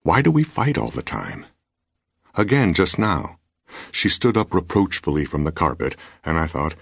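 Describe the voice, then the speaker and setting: Brief: male narrator, very deep and husky, wry measured first-person read, dry booth. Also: sing-song, dry recording. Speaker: audiobook narrator. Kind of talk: scripted narration. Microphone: close studio mic.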